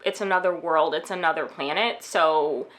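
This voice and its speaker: A woman's voice: sits low, moderate pace, fairly bright tone. A young American woman giving candid, casual advice in a chatty vlog monologue, full of fillers. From United States. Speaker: vlogger.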